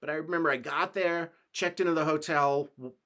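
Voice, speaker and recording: A man's voice: fairly high pitch, steady tone, fairly quick, bright, forceful tone. A man from the United States hosting his own podcast, rambling through a travel story in a loose, casual way, swearing now and then and laughing along. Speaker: podcast host.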